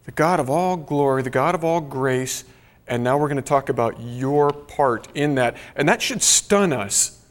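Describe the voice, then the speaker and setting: A man preaching a sermon, earnest and emphatic, slowing down to stress key phrases. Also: medium pitch. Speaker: pastor. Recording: long hall reverb.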